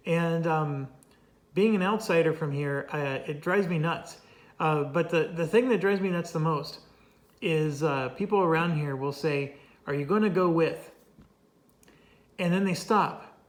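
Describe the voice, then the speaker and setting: A chatty man with a somewhat high-pitched voice talks through a board game he is playing on his own, laying out the rules step by step. He is wry and easygoing, and every so often wanders off into a good-humored rant. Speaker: board game player and channel host. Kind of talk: casual solo board game playthrough commentary.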